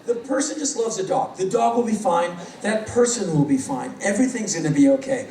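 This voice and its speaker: A man performing live stand-up storytelling, animated and sardonic, acting out other people's voices. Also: high-pitched, brisk, slight background noise. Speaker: spoken-word performer. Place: large hall on stage. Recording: roomy live hall, distant mic. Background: audience laughter.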